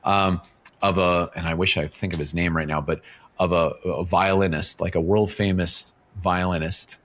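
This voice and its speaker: Deep-voiced man telling stories. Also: fairly even intonation, moderate pace, a bit bright. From Canada. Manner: explains with stories, often checks in with "right?". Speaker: author and professional speaker, podcast guest. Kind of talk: casual interview talk.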